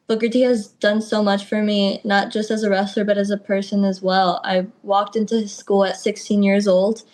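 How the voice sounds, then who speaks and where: A young woman, a wrestler guest on a video call, telling her stories in a lively way and acting out what people said. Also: mid-range voice. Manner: lively storytelling, acts out quotes. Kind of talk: casual interview.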